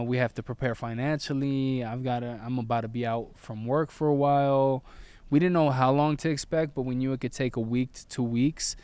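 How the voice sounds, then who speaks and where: A man in his thirties, a father and vlogger, calmly explaining how he and his wife made a family decision, in an earnest, laid-back way. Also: mid-range voice, clean tone, no room sound. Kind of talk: casual storytelling.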